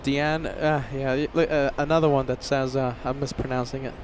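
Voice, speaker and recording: A man's voice: medium pitch, level tone, a little fast, slight background noise. A man hosting a casual live stream outdoors, chatting and reading out viewer names and messages. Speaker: livestream host. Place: outdoors near an airport.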